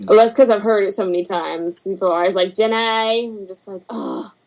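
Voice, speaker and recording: Woman, podcast guest, casual chat, acts out quotes, mid pitch. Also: fast, poor audio. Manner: animated storyteller, acts out quotes and barking.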